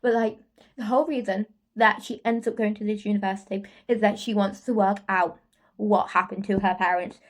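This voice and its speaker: A woman reviewing a book in a casual vlog, gushing and repetitive, tagging "okay?" onto her sentences. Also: medium pitch.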